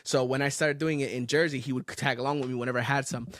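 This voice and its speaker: This podcast co-host speaks at a quick pace in a mid-range voice. He tells stories animatedly in casual conversation, swearing a lot and laughing often.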